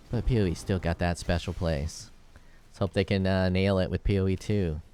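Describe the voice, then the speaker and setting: A man with a low, smooth voice talks his way through a video game in a loose, rambling way. He thinks aloud, drifts into jokes and swears now and then. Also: darkish tone. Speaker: gameplay video creator. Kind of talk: casual gameplay commentary.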